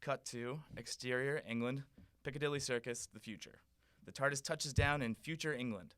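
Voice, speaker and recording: Bright-voiced man reading a comedy script. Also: medium pitch, normal speed, clear, resonant tone, no room sound. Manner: dry narration, chuckling often. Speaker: comedy podcast guest writer.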